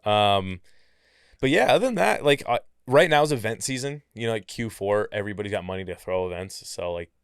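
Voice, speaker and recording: Male podcast guest from the Midwest, low smooth voice, chatty and animated, dry close mic. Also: a little fast, no echo. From Kansas City, United States. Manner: animated, chatty, heavy use of "like". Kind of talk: casual storytelling interview.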